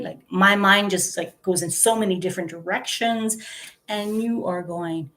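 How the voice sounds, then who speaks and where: A woman's voice: medium pitch, moderate pace, fairly bright tone. A woman in her fifties chatting casually to the camera, telling stories with giggles and lots of fillers. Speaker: vlogger. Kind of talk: casual chat.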